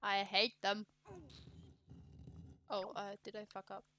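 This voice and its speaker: A woman's voice: mid-range voice, completely flat delivery, slow, sharp tone, a little hiss or hum. A woman with a German accent chatting casually while playing a game, swearing freely and poking fun at herself. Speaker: let's play streamer. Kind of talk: casual gameplay chat.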